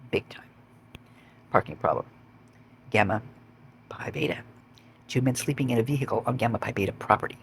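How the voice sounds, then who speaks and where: A man's voice: mid-range voice, vocal fry, slight background noise. A man reading out police call logs and adding blunt, swearing commentary of his own. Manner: blunt, swears when indignant. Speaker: vlogger.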